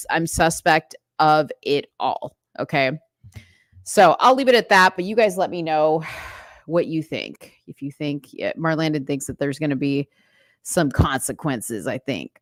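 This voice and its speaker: Chatty woman host, low dry voice. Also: dry recording. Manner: chatty, many fillers, talks straight to viewers. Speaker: livestream host. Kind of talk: reading news aloud and commenting to live chat.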